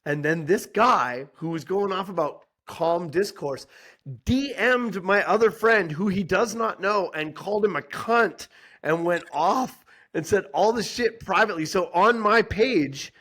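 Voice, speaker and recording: A man's voice: high voice, animated, a little slow, fairly bright tone. A man co-hosting a podcast, telling a heated, rambling story with many restarts and asides. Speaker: podcast co-host. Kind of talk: casual podcast chat.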